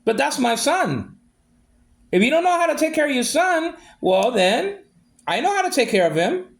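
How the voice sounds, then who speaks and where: Gravelly, animated man venting angrily. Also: very high-pitched, normal speed. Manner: aggrieved, repetitive, ranting. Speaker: vlogger. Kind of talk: ranting monologue.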